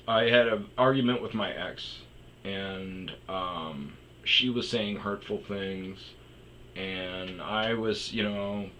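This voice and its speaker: Low-voiced man rambling through a story. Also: sharp tone, a little hiss or hum, rough recording. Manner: rambling, profane, frequent restarts and fillers. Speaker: storytelling podcaster. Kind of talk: rambling casual storytelling monologue.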